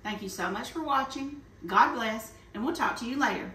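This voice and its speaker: A chatty woman with a drawl talks her viewers through a home-cooked cake in a folksy way. Her voice is bright and fairly high, a bit off the mic. The kitchen sounds echoey. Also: normal speed, distant mic. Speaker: cooking channel host. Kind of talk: casual cooking vlog chat.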